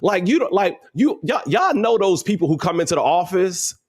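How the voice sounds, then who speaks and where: Emphatic high-voiced man giving motivational talk. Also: very animated, normal speed, breathy edge. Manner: emphatic, repeats himself, casual slang. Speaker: motivational livestream host.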